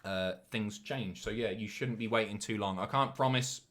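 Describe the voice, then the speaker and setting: A man's voice: lowish voice, a bit bright. A young man with a Southern English accent, chatting casually and swearing freely as he reads out donation messages on a live stream. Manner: sweary, jokey, quick asides.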